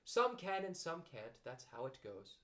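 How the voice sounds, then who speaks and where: A man reading a storybook aloud and voicing a gentle, slow-witted male bear who muses wistfully to himself. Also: mid-range voice, big pitch swings. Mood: musing. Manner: wistful and musing.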